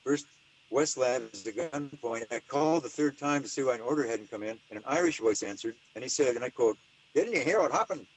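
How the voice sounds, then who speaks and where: Older guy rambling on in an interview, emphatic, mid-pitched voice. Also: fairly quick, darkish tone, rough recording. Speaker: interview guest. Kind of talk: casual interview talk.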